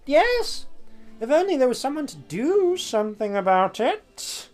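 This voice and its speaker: A man's voice: a little high, very animated, brisk, breathy edge, soft background music. A man voicing an indignant, fussy male alchemist merchant, complaining in a pompous, aggrieved way.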